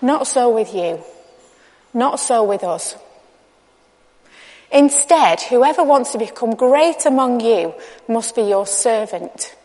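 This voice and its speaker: Woman, preacher, candid conversational sermon, fairly high voice, long hall reverb. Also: lively intonation, slow pace, pauses often, dark tone. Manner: candid, chatty, acts out dialogue.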